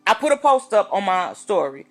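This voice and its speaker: A woman minister talking straight to her viewers in a casual, animated, preachy vlog monologue. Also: medium pitch, normal speed, faint music behind.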